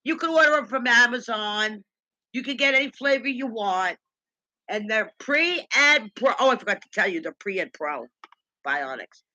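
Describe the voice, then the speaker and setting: Woman, live-stream host, casual rambling rant, repetitive, bright forceful voice. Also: on the high side, animated, normal speed, dry recording, rough recording. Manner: ranting, repetitive, retells conversations. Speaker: livestream host.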